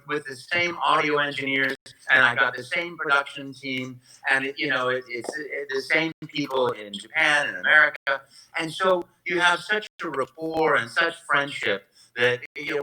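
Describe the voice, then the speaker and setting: A man's voice: medium pitch, bright, forceful tone, rough recording. A man being interviewed as a voice actor guest on a live-streamed convention Q&A, telling stories effusively with many restarts, talking into a propped-up phone at home. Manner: effusive, enthusiastic storytelling with rambling restarts.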